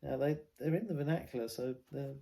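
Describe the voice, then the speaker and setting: A man's voice: mid-range voice, brisk, vocal fry, mellow. An English man with a Southern home-counties accent hosting a casual vlog about war poetry, talking in a rambling way with many ums and restarts. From England.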